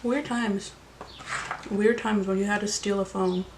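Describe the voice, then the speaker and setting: A woman's voice: mid-range voice, fairly even intonation, a little slow, a little mellow, a little hiss or hum. Chatty young woman telling a story. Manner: chatty, lots of "like" fillers and swearing. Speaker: vlogger. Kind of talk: casual storytime while eating.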